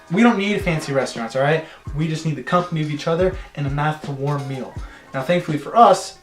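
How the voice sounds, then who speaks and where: A man's voice: a little high, echoey room. Chatty young guy telling a story. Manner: animated, chatty, acts out bits in silly voices. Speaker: storytelling vlogger. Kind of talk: casual storytime vlog.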